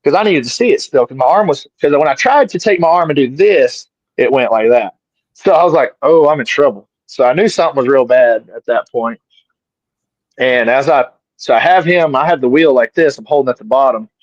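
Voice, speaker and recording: A man's voice: medium pitch, expressive, brisk, no echo. A middle-aged man, an interview guest, casually telling a story and animatedly acting out his own lines. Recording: dry, slightly dull sound.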